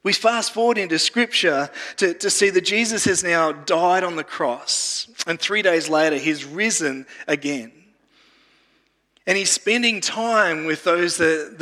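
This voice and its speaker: A man's voice: fairly high pitch, sharp tone. A male pastor giving an earnest sermon who often repeats words while he gathers his thoughts. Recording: long reverb of a large room.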